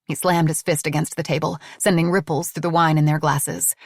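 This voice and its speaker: A woman's voice: low voice, flat delivery, a little fast, vocal fry, no room sound. A woman narrating an audiobook in a dramatic, tense storytelling manner on a close studio mic.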